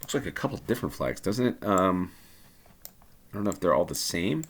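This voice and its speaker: A man's voice: deep voice, very animated, a little fast, slight background noise. A man giving casual commentary on a geography game, thinking aloud and hesitating with many ums.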